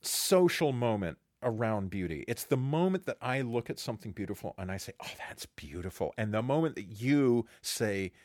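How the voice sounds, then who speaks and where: A middle-aged man co-hosting a podcast, talking in a casual intellectual way, animated and slipping into quick acted quotes. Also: mid-range voice, no echo, studio quality. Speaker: podcast co-host and teacher.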